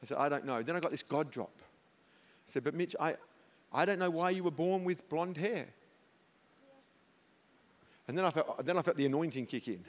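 A middle-aged man preaching from the pulpit, his voice pitched high for a man. He tells stories with animated energy, cracking jokes and hitting his punchlines loudly. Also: normal speed, pauses often. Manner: animated storyteller, jokes, loud comic peaks. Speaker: pastor. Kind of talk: sermon.

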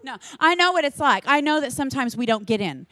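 A woman giving a conference talk to church leaders in an energetic, earnest, chatty manner with quick asides. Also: high-pitched, no echo. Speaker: church children's ministry leader speaking to leaders.

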